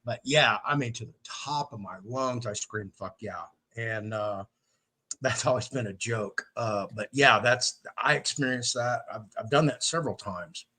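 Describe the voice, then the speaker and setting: A man hosting a podcast, telling a story in a casual, animated way, swearing freely and acting out what others said. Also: mid-range voice, measured pace. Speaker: podcast host.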